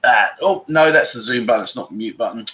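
A man's voice: medium pitch, fast, noisy background. A middle-aged man hosting a casual livestream, rambling and chatty, reading out viewer comments and swearing now and then. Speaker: livestream host.

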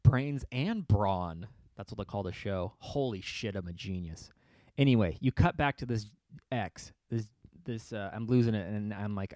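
In a fairly low, slightly mellow voice, this podcast host tells a story as a sarcastic comic rant, laughing frequently and whispering when he performs other people's voices. There's no room sound.

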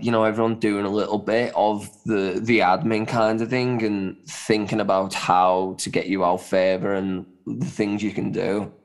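Young guy rambling on a podcast, lowish voice, lots of "you know, man". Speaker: podcast co-host. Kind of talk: casual chat.

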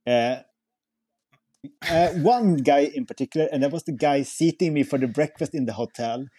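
Man, mellow voice, rambling chat. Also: a little high, normal speed, husky, no room sound. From Sweden. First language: Swedish. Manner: rambling, many fillers and restarts. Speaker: podcast guest. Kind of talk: casual chat.

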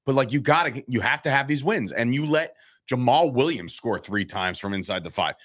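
A man's voice: mid-range voice, animated, moderate pace, fairly bright tone. A man co-hosting a casual football talk show, ranting animatedly and swearing freely. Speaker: sports podcast co-host.

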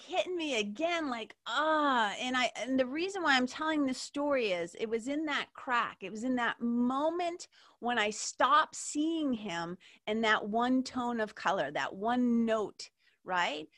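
A woman's voice: fairly high pitch, animated, a little slow, a bit bright. A woman hosting an interview, telling a personal story in a candid, emotional way, swearing freely and leaning on "like". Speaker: podcast host.

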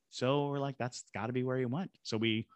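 Speaking at normal speed with a steady tone and medium pitch, a Savannah, Georgia ghost tour guide and paranormal investigator spins an animated story on a podcast, voicing characters and sound effects. There's no room sound.

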